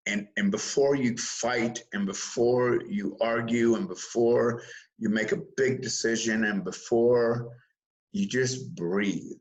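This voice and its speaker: Speaking slowly in a medium pitch, this man is a guest in a casual interview on mindfulness. His storytelling is lively and full of chuckles, and he frequently restarts and repeats words. The recording quality is rough.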